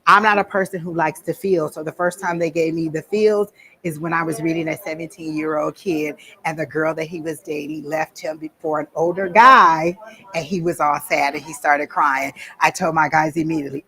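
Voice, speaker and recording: A woman's voice: low voice, fairly even intonation, moderate pace, bright, forceful tone. Chatty woman teaching a psychic workshop. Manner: chatty and conversational, asks the audience questions. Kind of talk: informal workshop talk to an audience. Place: room at a psychic fair.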